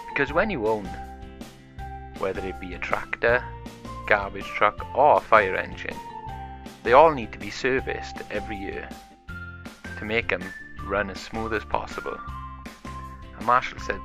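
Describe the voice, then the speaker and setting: A man's voice: fairly low pitch, animated, a little slow, pauses often, over music. A man improvising a toy play story, narrating it in a chatty, plain way.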